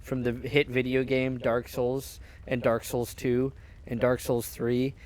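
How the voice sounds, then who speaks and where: A young man chatting casually on a game stream, with deadpan, jokey delivery. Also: medium pitch, slow.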